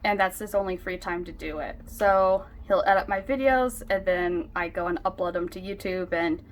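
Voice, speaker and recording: A woman vlogging casually at home, rambling excitedly and filling her talk with "like". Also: fairly low pitch, moderate pace, slight background noise. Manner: rambling, excitable, heavy use of "like". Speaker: book vlogger. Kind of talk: casual vlog chat.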